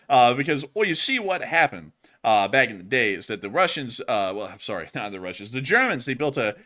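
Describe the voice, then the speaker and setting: A man hosting a casual live stream, rambling and animated with frequent fillers. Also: medium pitch, brisk. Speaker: host of war news stream.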